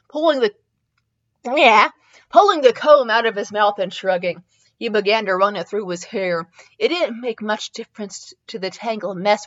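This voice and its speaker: A woman's voice: medium pitch, fairly bright tone, muffled recording. A woman hosting a podcast, reading fan fiction aloud in an amused way, with small stumbles. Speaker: podcast host.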